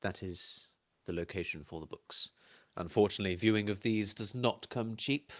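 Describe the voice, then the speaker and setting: A man's voice: on the low side, normal speed, a bit bright, no room sound, lightly acted. A man doing a fussy, formal library clerk. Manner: polite, formal and careful.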